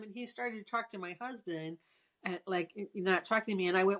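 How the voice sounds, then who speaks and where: A woman's voice: medium pitch, fairly even intonation, brisk, a bit bright. A woman in her sixties in casual conversation, telling a personal story with frequent restarts. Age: 60s. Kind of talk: casual chat.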